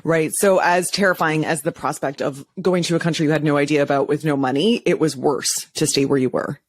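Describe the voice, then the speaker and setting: A woman's voice: low voice, fairly even intonation, a little fast. A woman hosting a podcast interview, enthusiastic and casual in her questions. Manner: enthusiastic, casual, uses fillers. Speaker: podcast host. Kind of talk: interview conversation.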